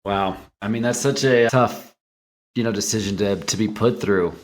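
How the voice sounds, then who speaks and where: A man hosting a podcast, asking halting questions with fillers. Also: on the low side. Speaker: podcast host. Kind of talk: interview.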